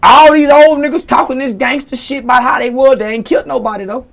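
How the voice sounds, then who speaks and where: A man's voice: very high-pitched, fast, vocal fry, fairly bright tone. Profane, preachy man ranting in an interview. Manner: profane, preachy, impassioned, cites scripture. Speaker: interview guest. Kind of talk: heated, unfiltered interview rant.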